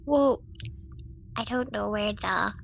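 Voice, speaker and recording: A woman's voice: mid-range voice, takes it slowly, vocal fry, a little hiss or hum. A woman playing a tabletop game, thinking aloud and hesitating as she plans her moves. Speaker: player. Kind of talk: casual chat at a game table.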